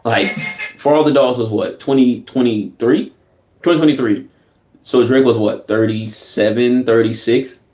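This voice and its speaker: A man hosting a reaction video, talking casually in an animated, slangy way and laughing often. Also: medium pitch, measured pace, a little hiss or hum. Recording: echoey room.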